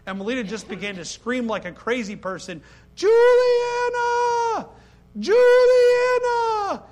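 A middle-aged man delivers a sermon in a notably high voice. He preaches emphatically, slipping into the quoted voices as he tells the story. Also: fast talker, fairly bright tone. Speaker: pastor.

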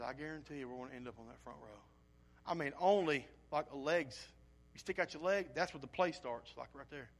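A man's voice: mid-range voice, vocal fry, a little hiss or hum. A man preaching a sermon, telling a personal story in an earnest, emotional way and acting out his own asides. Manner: animated storytelling with acted-out asides.

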